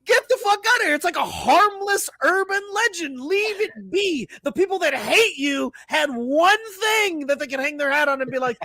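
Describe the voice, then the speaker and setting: A young man rants through casual sports banter, swearing often and piling on "like" fillers. His voice sits very high and bright, bouncing all over with animated swings. The sound is dry and close. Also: moderate pace, hardly any pauses, no echo. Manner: profane, ranting, emphatic; frequent "like" fillers and restarts. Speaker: podcast co-host.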